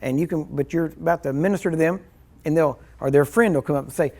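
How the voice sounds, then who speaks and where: A man's voice: on the high side, quick pace, a little mellow. A man teaching a ministry class in a loose, rambling, conversational way, acting out little scenes and chuckling as he goes. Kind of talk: informal teaching sermon.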